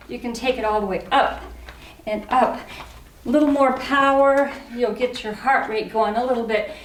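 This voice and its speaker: A woman's voice: high voice, a little hiss or hum. A woman leading an exercise class for older adults, counting reps and cheering people on, a little out of breath. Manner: encouraging, counts reps aloud, cheers on the last reps. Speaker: fitness instructor. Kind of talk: guided exercise class instruction. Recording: echoey room, mic at a distance.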